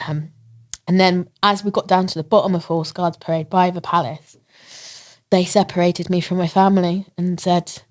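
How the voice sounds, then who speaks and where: A lower-voiced woman from England tells her story as a podcast guest. She speaks with lively feeling and laughs often. She acts out the voices of the people in her story. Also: fairly quick. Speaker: interview guest, marathon runner. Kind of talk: emotional storytelling in a podcast interview.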